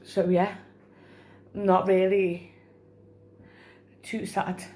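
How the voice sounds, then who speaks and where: A woman's voice: medium pitch, flat delivery, extremely slow, mellow. A young woman, talking to her phone camera in a personal vlog, rambling with many fillers and crying while she laughs. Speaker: vlogger.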